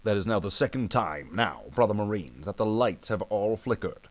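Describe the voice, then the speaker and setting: A man's voice: lowish voice, animated, moderate pace. A man streaming himself painting miniatures, chatting casually and jokily in a space marine persona and calling his viewers brothers. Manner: rambling and jokey, calls viewers "brother Marines".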